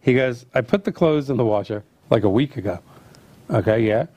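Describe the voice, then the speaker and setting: A middle-aged man hosting a chat, telling family stories and acting out the quotes with lively energy. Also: mid-range voice, a little fast, noisy background. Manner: animated storyteller acting out quotes. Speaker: host. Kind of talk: casual storytelling chat.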